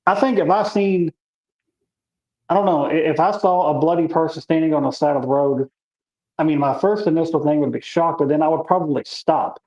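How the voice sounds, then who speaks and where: A woman's voice: deep voice, fairly quick, darkish tone. A woman, co-hosting a podcast in a laid-back, speculative way. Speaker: podcast co-host. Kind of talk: casual chat. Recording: roomy, dull lo-fi sound.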